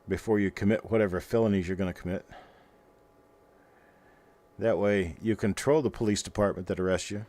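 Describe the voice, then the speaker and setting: A man's voice: on the low side, a little mellow. A middle-aged man hosting a livestream, chatting casually and rambling in a folksy way while he talks to his viewers. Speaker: host of a coin roll hunting livestream.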